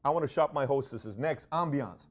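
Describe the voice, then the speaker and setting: A man's voice: medium pitch, normal speed. A man giving an emphatic business talk, telling stories and acting out what people said. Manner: emphatic, storytelling, acts out quotes. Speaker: business speaker.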